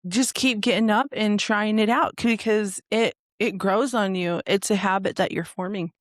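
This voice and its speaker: A woman's voice: mid-range voice, fairly even intonation, moderate pace, no echo. A woman hosting a podcast in casual chat, rambling with lots of filler words and encouraging her guests. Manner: rambling, filler-heavy, encouraging, laughs often.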